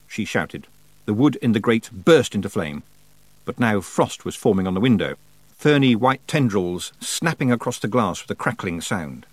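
Man narrating an audiobook, dry and lively. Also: lowish voice, no room sound. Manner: measured storytelling. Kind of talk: scripted narration.

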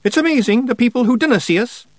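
A man voicing a small, rowdy blue fairy clansman with a high, broad Scottish brogue. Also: animated, fast talker, no echo. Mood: cheeky.

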